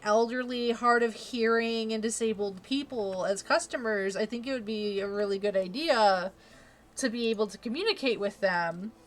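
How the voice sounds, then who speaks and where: A woman's voice: on the high side, a bit bright. A young woman streamer chatting casually, laughing often and filling her talk with "like" and "um". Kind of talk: casual chat.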